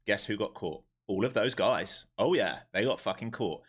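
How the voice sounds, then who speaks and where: A man with a lowish voice talks through his trades on a live stream and keeps firing off questions that he answers himself. He is blunt and wound up and swears freely as he talks. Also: animated, moderate pace, few pauses, husky. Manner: wound up and emphatic. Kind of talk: live trading stream commentary.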